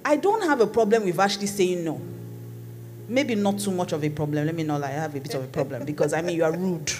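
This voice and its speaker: A woman's voice: low voice, animated, quick pace, darkish tone. A woman pastor preaching a sermon in a conversational, playful teaching manner. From Nigeria. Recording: long hall reverb with faint music.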